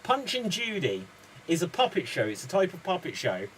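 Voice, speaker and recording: A man's voice: high-pitched, wildly swooping pitch, normal speed, fairly bright tone, slight background noise, poor audio. A man hosting an online improv comedy show, chatty and rambling.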